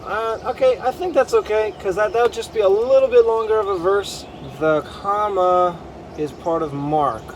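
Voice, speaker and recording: A man editing a Bible harmony thinks aloud as he combines verses, reading passages and correcting himself in a musing way. His voice is high-pitched and moves at normal speed. The audio is poor, with slight background noise.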